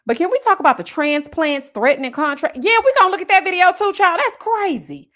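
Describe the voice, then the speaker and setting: A woman from Houston, hosting a livestream and telling stories in animated, slangy casual chat while reading super chats. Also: extremely high pitch, a little fast. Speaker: livestream host.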